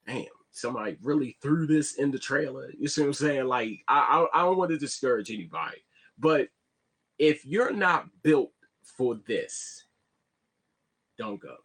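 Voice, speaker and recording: A man talks straight into his camera in a loose, rambling live-stream monologue. His fairly high voice swings up and down a lot, and he often stumbles and restarts his sentences. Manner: animated, repeats "you see what I'm saying", stammers on restarts. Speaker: vlogger.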